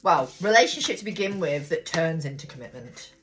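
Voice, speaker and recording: Lively, blunt woman doing tarot. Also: low-pitched, fairly quick, slight background noise. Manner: chatty, blunt, swears freely; thinks aloud, talks to viewers. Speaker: tarot reader. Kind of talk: casual tarot card reading.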